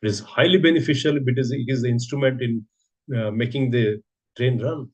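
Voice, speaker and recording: A man's voice: mid-range voice, steady tone, a little fast. A man giving a sermon, telling a story and asking rhetorical questions. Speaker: preacher giving a scripture class.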